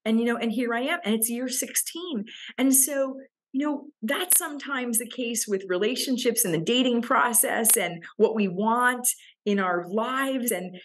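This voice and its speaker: A woman's voice: a little high, measured pace, slight background noise. A woman leadership coach, a guest in a casual interview, who tells stories animatedly, often repeats words as she thinks, and laughs between thoughts.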